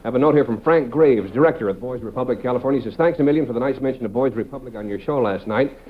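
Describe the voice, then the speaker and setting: A man's voice: mid-range voice, rapid-fire, a little hiss or hum. A man hosting a live late-night TV show, chatty with wry asides. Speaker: TV talk show host. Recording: dull TV-set recording with audience.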